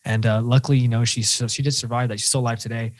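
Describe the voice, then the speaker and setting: A man, a podcast guest candidly telling his own story and acting out his inner voice. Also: mid-range voice. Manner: fast, animated storyteller who acts out his own inner voice.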